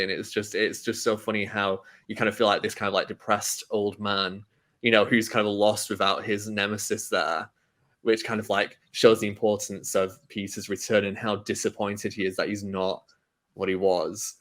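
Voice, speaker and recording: A young man hosts a casual film podcast, his voice sitting a little low. He talks with eager enthusiasm, wandering through thoughts with plenty of "you know"s and "like"s. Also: flat delivery, normal speed, fairly bright tone. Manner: enthusiastic, rambling with many fillers. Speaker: podcast host.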